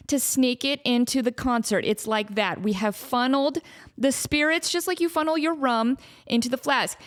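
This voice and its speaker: A woman podcast host telling a comedic story, self-deprecating and acting out quotes in an animated way. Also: a little high, brisk. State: out of breath.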